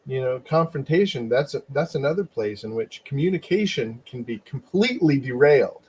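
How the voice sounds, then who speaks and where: A man in casual conversation, reflecting in a measured way and murmuring agreement while the other man speaks. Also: medium pitch, lively intonation, darkish tone, slight background noise. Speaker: podcast co-host.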